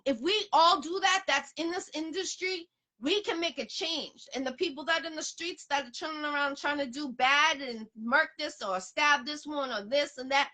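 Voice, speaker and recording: A woman hosts a relaxed interview, her voice high and bright. She talks emphatically, circling back to the same points again and again. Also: normal speed. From Boston area. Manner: emphatic, repeats herself, promotional. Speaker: host. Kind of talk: casual interview chat.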